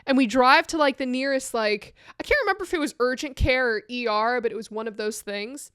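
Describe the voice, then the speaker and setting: This is a woman with a high, smooth voice, telling a story on a casual podcast. She acts out the people in it with lively voices. The sound is dry and close, with no room around it. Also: brisk, no echo. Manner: animated, acts out voices in her stories. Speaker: co-host.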